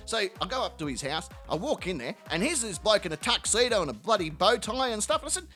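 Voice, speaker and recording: A man's voice: high voice, very animated, fast, few pauses, sharp tone, soft background music. A male channel host rambling through a profane, mocking comedy outro, telling absurd stories. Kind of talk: comedic video outro rant.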